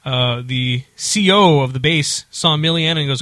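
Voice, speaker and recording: A man's voice: a little high, moderate pace, sharp tone, no echo. A man telling a long story in casual chat, with lots of fillers and restarts. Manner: rambling, many fillers and restarts.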